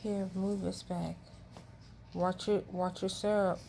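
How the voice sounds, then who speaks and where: A woman's voice: mid-range voice, little pitch movement, slow, creaky, mellow, slight background noise. A woman hosting a casual taste-test vlog in her living room, chatting while correcting the kids around her. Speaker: vlog host.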